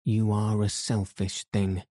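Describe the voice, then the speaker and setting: A man's voice: on the low side, little pitch movement, slow, dark tone, no echo, studio quality. A man voicing a sickly, spoiled, petulant young boy who whines and sulks.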